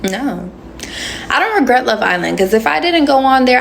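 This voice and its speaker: Chatty woman with a gravelly edge. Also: sits high, big pitch swings, moderate pace, slight background noise. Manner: chatty, answering comments with slangy asides. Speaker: livestream host. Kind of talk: casual livestream chat.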